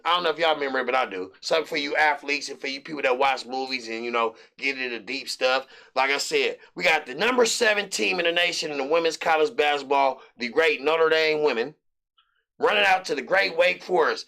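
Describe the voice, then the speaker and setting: A middle-aged American man hosting a sports betting show, rambling loosely through his picks with hype and shout-outs. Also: fairly high pitch, fairly quick, vocal fry. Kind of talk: casual sports picks monologue.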